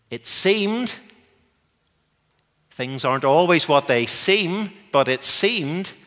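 A man's voice: mid-range voice, a bit bright. A man preaching a sermon in an emphatic way, repeating words to stress them, heard in a reverberant church hall. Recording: long echoing hall reverb.

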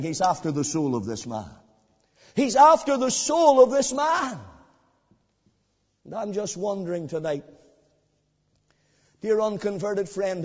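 Male evangelist, high pitch, pleading questions, muffled recording with long hall reverb. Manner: swings between hushed pleading and loud ringing emphasis; repetitive rhetorical questions to the listener. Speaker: preacher. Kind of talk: evangelistic sermon.

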